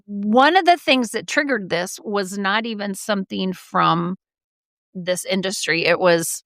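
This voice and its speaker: Middle-aged woman podcast co-host, gravelly, dry close sound, lively storyteller. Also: medium pitch, measured pace, no room sound. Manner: animated storyteller, quotes people in lively voices. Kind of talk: casual podcast chat, storytelling.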